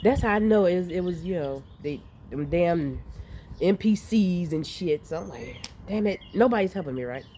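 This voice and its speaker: A woman vlogger telling a story in a casual, animated way, swearing freely and laughing often, recorded outdoors. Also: on the low side, moderate pace, slight background noise. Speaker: vlogger recounting dreams. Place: outdoors in light rain. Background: rain and outdoor ambience.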